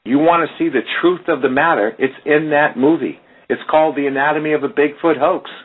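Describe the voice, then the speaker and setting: Emphatic man with a husky voice on the radio. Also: on the high side, brisk. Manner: emphatic, preachy, addresses listeners directly. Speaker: radio show host. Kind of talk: casual radio talk. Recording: tinny phone-line radio audio.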